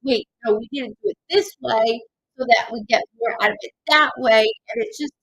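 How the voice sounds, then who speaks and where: A woman hosting a live psychic reading stream, halting and stuffed up from crying, calling out names and letters to viewers. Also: a little high, dull audio. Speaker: psychic medium host.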